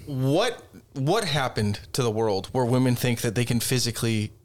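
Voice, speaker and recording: A man's voice: mid-range voice, expressive, normal speed. A man in casual podcast chat, telling rambling stories full of swearing. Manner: profane, rambling storyteller.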